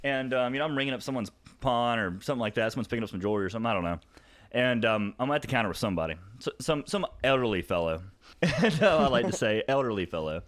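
A man's voice: mid-range voice, animated, quick pace, a bit bright. A man on a podcast telling rambling, profane stories in casual chat, laughing often as he talks.

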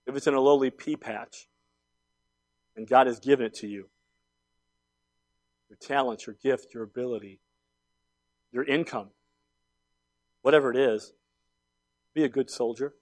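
A man in his fifties preaching a sermon, telling personal stories in an animated, emphatic way that swings from quiet asides to loud outbursts. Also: mid-range voice, measured pace, pauses often. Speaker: pastor.

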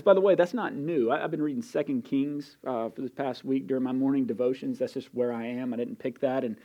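A man's voice: medium pitch, brisk, few pauses, mellow, highs cut off. A man preaching a sermon in an earnest way, repeating key phrases and building intensity as he goes. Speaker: pastor.

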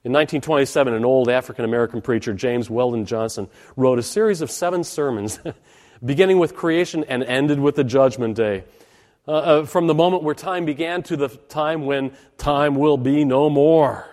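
A man's voice: medium pitch, normal speed, a little mellow, big-room sound. A man preaching a sermon with dramatic, rising and falling delivery and repeated phrases.

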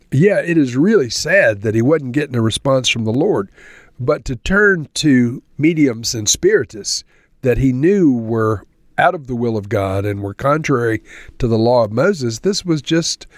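A man's voice: medium pitch, no echo, clean studio sound. A man teaching verse by verse through a Bible chapter in a conversational, earnest way. He reads passages aloud, explains them, and closes with a spoken prayer.

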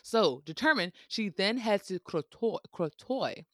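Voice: medium pitch, animated, a little slow, fairly bright tone, no echo. Chatty podcast host goofing around while telling history, laughs a lot, dry close sound. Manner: playful and chatty, with joking asides and frequent laughter. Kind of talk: casual history podcast narration.

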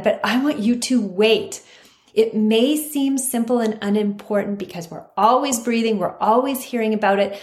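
A woman's voice: fairly high pitch, moderate pace. Earnest woman health coach, roomy sound. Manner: earnest, emphatic, repeats key points. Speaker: naturopathic doctor hosting a podcast. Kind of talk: scripted health talk. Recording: roomy echo.

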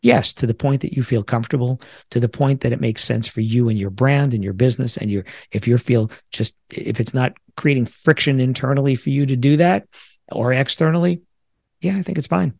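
This solo podcast host, a middle-aged New Yorker, speaks briskly at a medium pitch with a creaky, darkish tone. His talk is reflective and conversational, peppered with jokes at his own expense, and the recording is dry.

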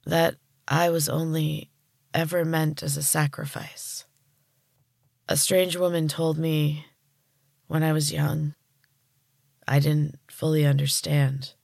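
A woman voicing a solemn young woman who is turning into a tree creature, speaking slowly in a breathy, weary voice. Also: low voice, a little mellow, no echo, studio quality, full character voice. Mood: breathy, sad.

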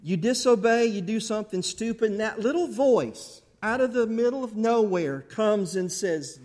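Pastor guy preaching, highish voice, goes loud then real quiet. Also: expressive, normal speed, hardly any pauses. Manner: swings from loud fervent bursts to soft intimate asides. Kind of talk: sermon.

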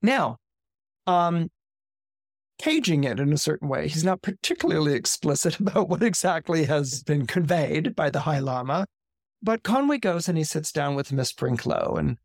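A man's voice: a little high, big pitch swings, normal speed, no echo, clean studio sound. A man hosting a podcast who retells a story casually and conversationally, with frequent fillers. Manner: conversational, with fillers like "you know". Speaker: astrologer podcast host.

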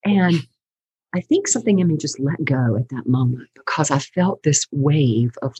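Middle-aged woman guest, low and husky, lively storyteller, dry close recording. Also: moderate pace, no room sound, rough recording. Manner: animated storytelling, laughs often. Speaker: guest, counselor and teacher. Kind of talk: conversational podcast interview.

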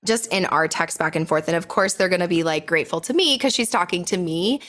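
A woman's voice: fairly low pitch, fairly quick, a bit bright. A young adult woman, a birth coach, telling a story in casual podcast chat with passionate, emphatic delivery.

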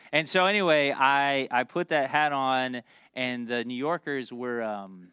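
A pastor from Memphis preaching a conversational sermon, joking and talking straight to the congregation. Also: male voice, mid-range voice, unhurried, a bit bright, smooth, no echo, clean studio sound. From Memphis, United States. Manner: conversational and joking, with asides to the crowd.

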